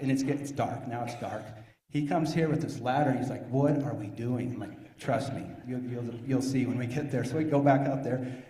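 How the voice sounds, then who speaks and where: A man's voice: mid-range voice, normal speed, mellow, slight background noise. Man, panel storyteller, self-deprecating and laughing, recorded in an echoey hall. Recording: echoey hall with long reverb.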